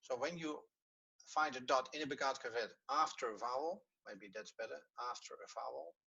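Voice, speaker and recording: A man's voice: mid-range voice, normal speed, creaky, pushed and bright, breathy edge, muffled recording. A man with a Dutch accent teaching Hebrew grammar in an online class, patiently repeating rules and fumbling with the video playback.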